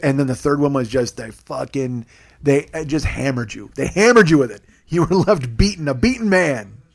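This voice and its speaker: Man in his forties, comic storyteller, profane, sarcastic, fairly high voice. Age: 40s. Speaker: comedian podcast host.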